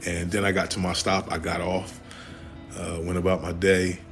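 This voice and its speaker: A man casually telling a personal story, jokey and animated, his voice jumping higher when he quotes people. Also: moderate pace, faint music behind. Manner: jokey, uses "y'all". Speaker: storyteller in a shared clip.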